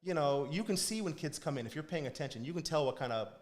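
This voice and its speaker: A man's voice: fairly high pitch, lively intonation, quick pace. A man who directs a church kids ministry, telling stories in casual podcast chat and acting out children's voices. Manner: storytelling, acts out kids' voices. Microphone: podcast studio mic.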